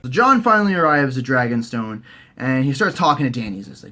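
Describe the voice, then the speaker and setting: Brief: an animated, cussing vlogger man, pitch leaping all over. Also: fast, soft background music. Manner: excitable, sweary, animated. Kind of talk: profane casual recap.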